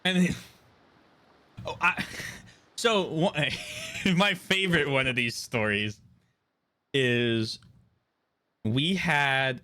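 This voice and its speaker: A young man in his twenties streams a game and chats loosely, spinning animated stories peppered with swearing and laughs. His voice is bright and forward, sitting at an ordinary middle pitch for a man. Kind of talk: casual chat during a live game stream.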